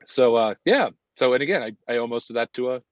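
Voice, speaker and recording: A man's voice: mid-range voice, animated, fast, no echo. A man in his fifties, a podcast guest, talking in a reflective, hesitant way with many ums and restarts. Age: 50s. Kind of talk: casual conversational interview. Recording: dull, dry sound.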